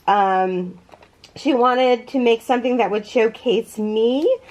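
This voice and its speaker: Her voice is on the high side with a darkish tone. Hosting a casual crochet unboxing vlog in her home yarn room, she opens packages while gushing with gratitude and nearly crying.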